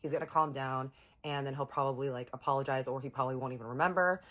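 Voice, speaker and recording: A woman voicing a worried grown son who talks calmly and apologetically in a hushed voice. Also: medium pitch, quick pace, pitched below the performer's own voice, lightly acted. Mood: reassuring. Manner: soft, hushed and reassuring.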